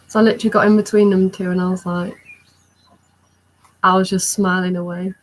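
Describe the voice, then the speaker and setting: A young woman telling an excited storytime vlog in a rambling, chatty way. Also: medium pitch, fairly quick, pauses often, low-quality recording. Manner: excited, rambling recounting with many fillers. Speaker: vlogger.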